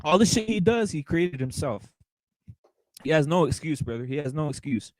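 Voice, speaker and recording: Keeps saying "brother" while he rants: a boxing show host on a casual livestream, profane, heated, and repetitive. His fairly high voice is expressive at normal speed. The audio is poor and has no echo.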